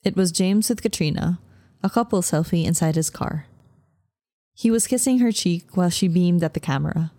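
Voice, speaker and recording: A woman's voice: lowish voice, dark tone, dry recording, clean studio sound. A woman reading a romance novel aloud as an audiobook narrator. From Philippines. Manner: measured, emotive first-person reading.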